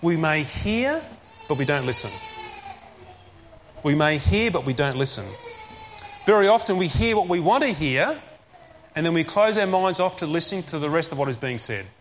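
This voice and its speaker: A man preaching a sermon, repeating key phrases and slowing down to stress commands. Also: on the high side, big pitch swings, a little hiss or hum.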